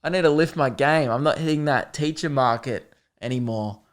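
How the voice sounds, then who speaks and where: A young male comedian tells a funny story on his podcast, acting out both sides of the conversation. His voice is mid-range and his pace is moderate.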